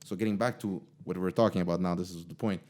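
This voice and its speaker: A young man, hosting a podcast and telling a story in a casual, animated way, full of fillers. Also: deep voice, quick pace. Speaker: podcast host.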